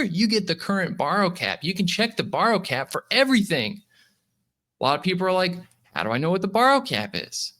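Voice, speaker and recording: A guest from a lending app talks animatedly on a casual crypto podcast, acting out the voices of users. His voice sits high and his delivery is brisk.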